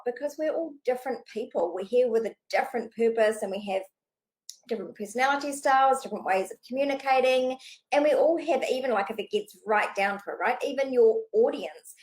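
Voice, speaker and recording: Woman business coach, slightly high voice, rapid animated unscripted delivery, casual and cheeky. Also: rough recording. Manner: fast-talking, animated, casual with swearing. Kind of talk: unscripted direct-to-camera coaching talk.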